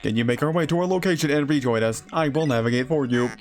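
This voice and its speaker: A man voicing a deep-voiced male ship's robot that talks in a stiff, formal, dutiful way. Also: fast talker, faint music behind, natural voice.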